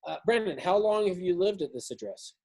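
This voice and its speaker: A man's voice: high-pitched, expressive, brisk, warm tone. A man demonstrating a sales call in a coaching role-play, upbeat and full of enthusiastic affirmations. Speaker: real estate agent demonstrating a call.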